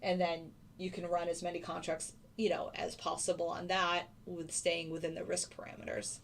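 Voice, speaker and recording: A woman's voice: on the low side, monotone, normal speed, creaky, a little hiss or hum. A woman hosting a live trading stream, chatting casually and answering viewers by name. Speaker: livestream host. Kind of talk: casual livestream chat.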